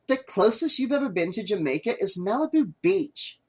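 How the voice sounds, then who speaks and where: A man's voice: high-pitched, very animated, moderate pace, slightly rough, pitched above the performer's own voice, exaggerated voice. A man reading an audiobook, voicing an irritable young woman making a documentary, curt and exasperated. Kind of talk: audiobook character voice.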